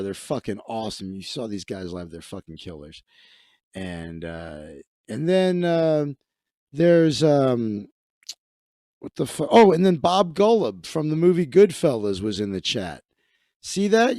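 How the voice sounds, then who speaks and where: A man's voice: mid-range voice, very animated, a little slow, warm tone, dry recording, studio quality. A man hosting a comedy livestream, riffing crudely and profanely with lots of restarts. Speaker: livestream host. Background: faint music playing.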